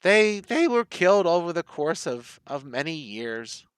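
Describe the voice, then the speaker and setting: Man putting on a high-pitched ancient old woman. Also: big pitch swings, measured pace. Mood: cheerful. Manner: high cooing croak, talks of herself as Nanny. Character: ancient frail old woman, chatty hermit.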